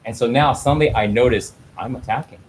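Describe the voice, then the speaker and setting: A man hosting a casual chat while stretching, animated and acting out the voices he quotes. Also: mid-range voice, fast talker, slight background noise. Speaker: host.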